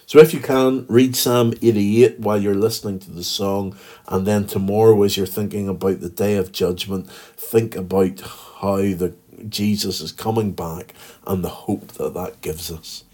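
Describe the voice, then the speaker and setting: A man's voice: lowish voice, steady tone, moderate pace, warm tone, breathy edge. A man with a Northern Irish accent giving a daily devotional as a pastor, earnest and reading scripture aloud. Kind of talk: daily devotional podcast talk.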